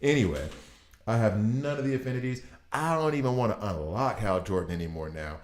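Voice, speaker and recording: A man in his thirties giving casual gameplay commentary, riffing in an animated, exasperated way. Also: lowish voice, brisk, a little hiss or hum. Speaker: gaming video host. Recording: roomy echo.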